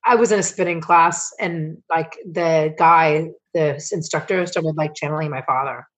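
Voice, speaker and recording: A middle-aged woman, a coach and founder, telling personal stories as a podcast guest, emotional and swearing freely as she rambles with quick restarts. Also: sits low. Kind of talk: candid storytelling interview.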